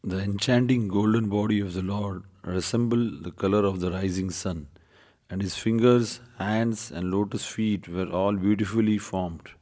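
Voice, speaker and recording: Guy reading scripture in a group, lowish voice, lots of reverb. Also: steady tone, normal speed, warm tone.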